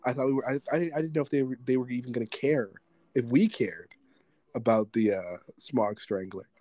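A man's voice: medium pitch, fairly quick, no echo. A man co-hosting a podcast, casually and animatedly retelling movie scenes and acting out quotes. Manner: animated, rambling storyteller who acts out movie quotes. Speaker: podcast co-host.

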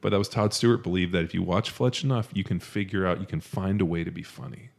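A man's voice: deep voice, steady tone, fast talker, gravelly, darkish tone. A man co-hosting a podcast in casual chat, rambling and quoting movie lines in put-on voices. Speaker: podcast co-host.

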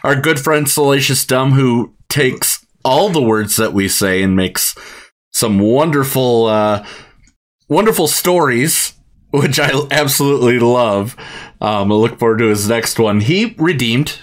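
A man's voice: medium pitch, expressive, measured pace. A man hosting a podcast from his home studio, chatting casually, laughing often and restarting sentences. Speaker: podcast host. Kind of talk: casual chat.

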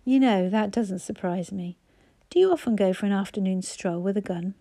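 A woman's voice: mid-range voice, moderate pace, dark tone, dry recording, close to an everyday voice. A woman voicing a proud young mother who speaks politely but tartly. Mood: prim.

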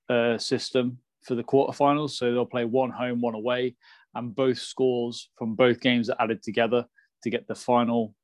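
A man's voice: mid-range voice, no echo. A man co-hosting a casual podcast, explaining things patiently and often repeating words as he starts. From England. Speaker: podcast co-host.

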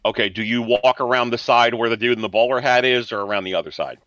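A man's voice: medium pitch, fast talker, a bit bright, no echo, highs cut off. A man narrating as game master, describing scenes loosely with lots of fillers.

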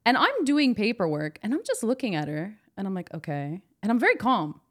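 A woman's voice: on the high side, wildly swooping pitch, fairly quick. A woman tells a story from work on a casual podcast. She acts out each person's lines, swears freely, and swings her voice up and down as she goes. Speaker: podcast co-host. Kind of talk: casual chat.

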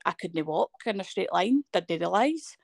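On the low side and creaky, this woman's voice moves at a moderate pace. She's a Scottish guest in her thirties giving an animated personal story in conversation, acting out what people said to her, recorded in studio quality with no echo.

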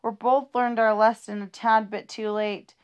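A woman reads funny rhyming poems for kids with a bouncy, sing-song lilt. Her voice sits a little high, and she stumbles now and then as she reads. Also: flat delivery, unhurried, clear, resonant tone, lo-fi sound. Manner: playful, sing-song rhythm with small stumbles. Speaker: reader of children's poems. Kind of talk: reading humorous rhyming poems aloud.

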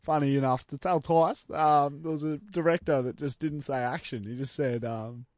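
A man's voice: on the high side, fairly even intonation, moderate pace, darkish tone, no room sound. A man co-hosting a podcast in a studio, telling stories in a rambling way with lots of restarts. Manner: rambling storyteller with many restarts. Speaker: podcast co-host. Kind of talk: casual chat. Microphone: headphones on.

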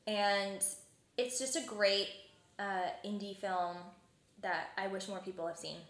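A woman's voice: mid-range voice, steady tone, a little slow, echoey room. A young woman co-hosting a podcast, chatting casually about films and filling her talk with "like". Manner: chatty, many fillers like "like". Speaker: podcast co-host.

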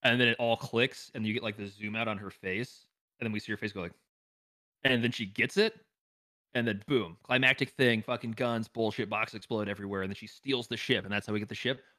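A man's voice: on the low side, no room sound, studio quality. A man co-hosting a casual chat, ranting profanely about a show and acting out quotes. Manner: fast, animated, profane ranting with acted-out quotes. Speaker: podcast co-host.

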